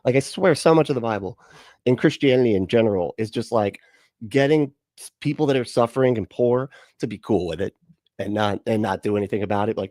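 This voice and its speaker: A man's voice: lowish voice, fairly quick, a little mellow, no room sound, studio quality. Sarcastic man reacting on livestream. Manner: sarcastic, profane, laughs often, mocking voices. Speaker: livestream host reacting to videos. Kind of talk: casual livestream commentary.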